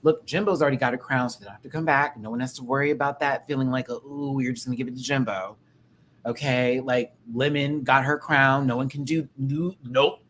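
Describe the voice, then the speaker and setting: Male host, sassy and profane, rambling casual chat, mid pitch, light background hiss. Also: steady tone, brisk, few pauses, fairly bright tone, poor audio. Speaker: podcast host. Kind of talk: casual pop-culture chat.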